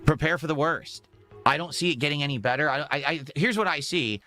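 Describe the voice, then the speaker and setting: A man on a live stream delivers a repetitive, self-assured rant. His voice sits a little high and comes out bright and forceful, pushing every point home. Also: a little fast, faint music behind. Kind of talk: ranting stream monologue.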